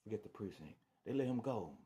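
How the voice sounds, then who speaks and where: Deep-voiced man, casual storyteller, repeats himself and acts out the other voices. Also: a little fast. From Detroit. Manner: animated, acts out voices, restarts and repeats words. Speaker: storyteller sharing his testimony.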